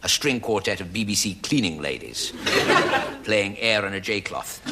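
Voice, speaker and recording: A man's voice: fairly low pitch, heavy background noise. Dry man with a rambling comic monologue. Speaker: comedian. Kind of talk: stage monologue before a live audience.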